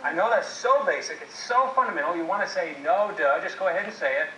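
Bright-voiced man giving a jokey seminar. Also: sits high, expressive, quick pace, a little hiss or hum. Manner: jokey storytelling, addresses audience. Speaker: marriage seminar speaker. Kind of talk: presenting a seminar talk. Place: classroom, video played on a TV. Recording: echoey video playback from far off.

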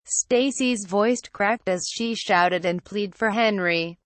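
A woman's voice: medium pitch, slow pace, few pauses, dry recording. Woman reading a horror story. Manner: steady first-person reading. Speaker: narrator. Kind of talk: scripted horror story narration.

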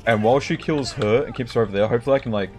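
A man's voice: medium pitch, rapid-fire, a little mellow. A young man chatting casually to his viewers while playing a game, rambling and joking and repeating himself. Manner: rambling, jokey, repeats himself, talks to chat. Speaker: streamer. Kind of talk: casual gameplay commentary.

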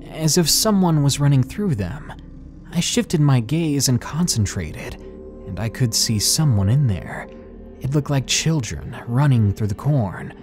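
Male horror narrator: slow, hushed, dramatic read with a lively, rising and falling pitch over soft background music. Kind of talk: scripted horror story narration. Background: faint background music.

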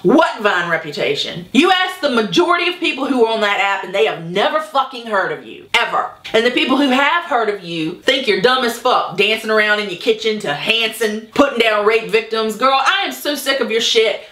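Woman vlogger, indignant profane rant, slightly high, roomy echo. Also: lively intonation, a little fast, hardly any pauses, a bit bright. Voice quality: profane, cutting. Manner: indignant, sarcastic ranting. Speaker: YouTuber. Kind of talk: angry rant vlog.

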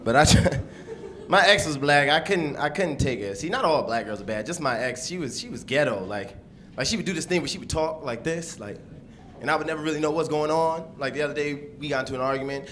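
A man performing a stand-up comedy set on a club stage, punchy and animated. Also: a little high, a little fast, a little hiss or hum. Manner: deadpan then animated, punchy delivery. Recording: live club recording with crowd. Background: audience laughter.

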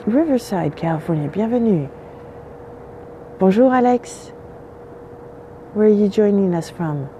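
A woman's voice: mid-range voice, lively intonation, measured pace, pauses often, mellow, a little hiss or hum. A French-accented woman hosting an early-morning phone livestream outdoors, greeting viewers in French and English with a voice that is still sleepy. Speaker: livestream host. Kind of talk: casual live-stream chat. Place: outdoors on a windy seaside morning.

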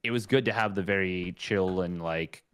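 A man's voice: sits low, moderate pace, clear, resonant tone. A man esports commentator chatting on a podcast, rambling through stories with lots of filler words, modest about himself. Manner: rambling anecdote, heavy use of like, self-effacing. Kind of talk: casual chat.

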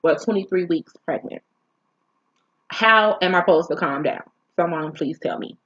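A woman vlogger telling a painful personal story in an emotional, halting, candid way. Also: fairly low pitch, a bit bright, lo-fi sound.

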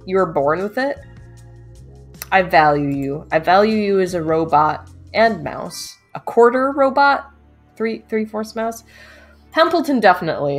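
Giggly woman streamer reacting. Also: medium pitch. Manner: playful, giggly, reacting aloud. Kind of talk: let's play commentary.

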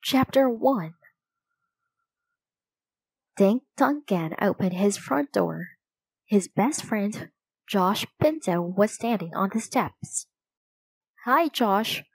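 A woman reads a children's chapter book aloud. Her storytelling is clear and measured, at a slow pace. The recording is dry and close, with no room sound. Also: mid-range voice, lively intonation, a little mellow, no room sound, low-quality recording. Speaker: storybook reader.

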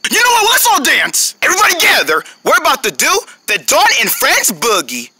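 A woman's voice: high-pitched, fairly quick, very noisy, exaggerated voice. A woman voicing a cheerful young male meerkat who eagerly gathers his friends in a homemade cartoon. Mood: playful. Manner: excited, calls everyone together.

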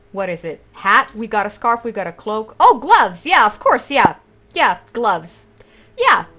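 A woman's voice: mid-range voice, a bit bright. A woman in her twenties giving sassy, dramatic, exasperated commentary while playing through a game. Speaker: let's play streamer. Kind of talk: gameplay commentary.

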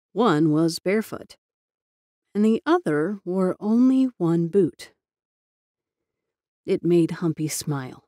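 A woman reading a spooky story as narrator, with a measured, dramatic manner. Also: fairly low pitch, dark tone, dry recording, clean studio sound. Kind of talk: scripted ghost story narration. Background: faint music.

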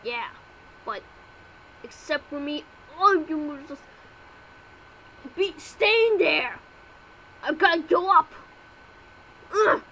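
A woman's voice: sits high, expressive, measured pace, long pauses, pushed and bright, slight background noise, rough recording. A woman voicing all the characters of a homemade fan cartoon, with frantic yelps and exclamations.

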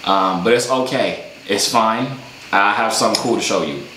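A man's voice: on the low side, normal speed, sharp tone, slight background noise. Teasing young man on a video call. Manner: teasing, joking. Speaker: host. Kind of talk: casual video-chat banter. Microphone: webcam or phone on a video call. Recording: roomy echo.

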